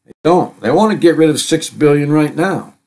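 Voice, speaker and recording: A middle-aged man hosting a live stream, reading news items aloud and commenting on them in a rambling, halting way with many fillers and restarts. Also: on the high side, expressive, darkish tone.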